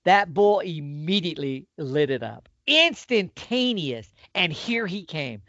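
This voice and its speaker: Middle-aged guy telling a hunt story, folksy, pitch all over the place, muffled dry recording. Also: measured pace, dry recording. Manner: animated, folksy storyteller with lively swings. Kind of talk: casual storytelling. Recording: dull, lo-fi dry sound.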